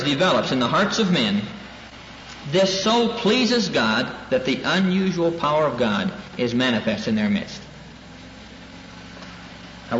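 A man's voice: medium pitch, fairly bright tone. A male minister teaching a class in an earnest preaching style, repeating key lines for emphasis. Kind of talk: preaching lecture. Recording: dull echoey hall with faint hiss.

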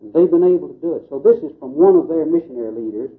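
A man's voice: fairly high pitch, lively intonation, quick pace. A man giving an earnest, preacherly talk to a group, with folksy asides. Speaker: Baptist missions speaker. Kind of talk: lecture to a group. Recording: tinny phone-like old tape recording.

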